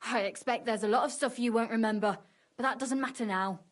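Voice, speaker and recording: An actress playing an impatient woman who runs a tavern in a video game, scolding and giving brisk orders. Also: a little high, lightly acted. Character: bossy woman running a tavern, impatient and practical.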